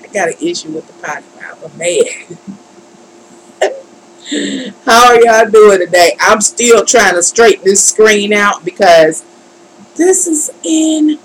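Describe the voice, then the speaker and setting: A woman's voice: medium pitch, slow pace, pauses often, a little hiss or hum, low-quality recording. A woman hosting a tarot livestream, frustrated and fussing and muttering to herself as she talks to her viewers. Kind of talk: live-stream chat.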